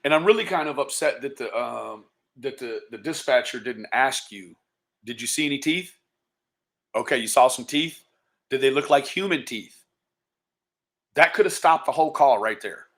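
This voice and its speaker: A man's voice: mid-range voice, lively intonation, normal speed, a bit bright. A man hosting a livestream, talking casually, profane and taunting, calling out to viewers by nickname. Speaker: livestream host.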